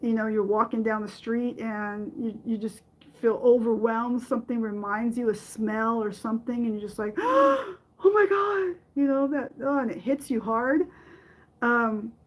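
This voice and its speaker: A middle-aged woman hosting a podcast, telling a personal story in a halting way with many fillers and restarts. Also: on the high side, poor audio. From from another country. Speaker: podcast host.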